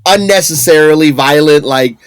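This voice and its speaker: A man's voice: on the high side, moderate pace, smooth, soft background music. Ranting profane podcast co-host, man. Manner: ranting, profane, laughs often. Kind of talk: casual podcast chat.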